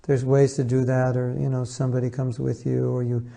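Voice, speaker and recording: A man with a gravelly, dark and mellow voice gives a relaxed spiritual talk. He speaks conversationally, slipping into short acted-out exchanges as he tells his examples. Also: mid-range voice, a little fast. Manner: conversational, acts out little dialogues in a storytelling way. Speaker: spiritual teacher.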